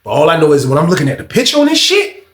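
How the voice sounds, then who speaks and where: Brief: a man spinning a casual story, lively and slangy, slightly high voice. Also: very fast, roomy sound. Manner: animated, slangy, swings into loud acted-out quotes.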